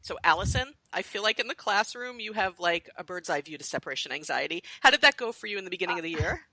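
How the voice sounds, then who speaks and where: Bright-voiced middle-aged woman consultant. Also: on the low side, expressive, quick pace, no room sound, low-quality recording. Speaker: early childhood consultant, co-host. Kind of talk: casual podcast chat.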